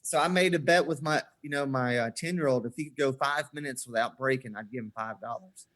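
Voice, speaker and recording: A brisk, mid-range male voice belongs to a podcast guest in his forties. In a casual chat, he tells stories with animation, acting out the quoted dialogue as he goes.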